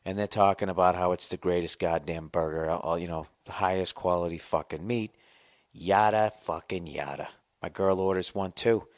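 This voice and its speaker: Man, forties, podcast host, sarcastic profane rant, lowish voice, dry close mic. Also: fairly even intonation, fairly quick, hardly any pauses, no echo. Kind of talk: casual comedic rant.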